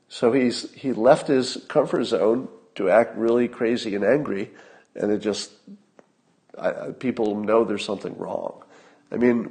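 A man's voice: mid-range voice, gravelly, darkish tone. A man hosting his own podcast, giving a solo, conversational political commentary that wanders and chuckles at its own points. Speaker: podcast host.

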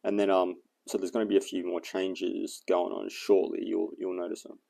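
Deep gravelly guy rambling in his vlog, lots of ums, mellow dark tone. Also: little pitch movement, moderate pace. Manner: rambling, storytelling, thinking aloud with many fillers. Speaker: fitness and survival vlogger.

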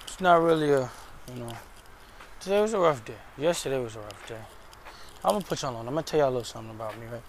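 A man's voice: medium pitch, fast talker, pauses often. Slangy young man venting, faint street noise. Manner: slangy, venting, frank and animated. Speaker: vlogger. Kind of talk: casual storytelling vlog. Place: outdoors, in and around a car.

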